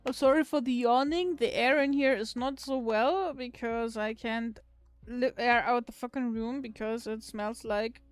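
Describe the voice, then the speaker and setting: A woman's voice: on the high side, fairly even intonation, unhurried, smooth, dry recording, soft background music. Giggly woman chatting with stream viewers. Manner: giggly, laughs often, swears casually. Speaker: livestreamer. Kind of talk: casual chat with viewers.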